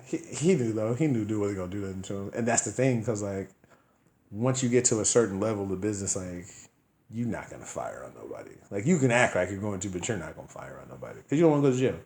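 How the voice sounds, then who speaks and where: Lively and casual, a low-voiced man spins a story for his co-host, jumping into other people's voices and breaking into laughter. The room around him rings with echo. He keeps it loose and conversational throughout. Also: quick pace, creaky. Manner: animated storyteller, acts out quotes in voices, laughs often. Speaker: podcast co-host.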